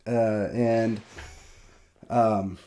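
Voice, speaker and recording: A man's voice: fairly low pitch, little pitch movement, very slow, dark tone. A man hosting a podcast, telling loose, rambling stories in casual conversation and laughing often. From United States. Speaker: podcast host.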